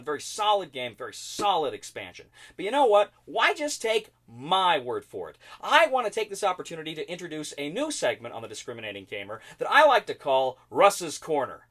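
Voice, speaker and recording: An enthusiastic man reviewing a board game straight to camera. His voice sits a little high and swings widely up and down, and he often doubles his words to stress how much he likes something. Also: fairly bright tone. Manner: enthusiastic, repeats words for emphasis.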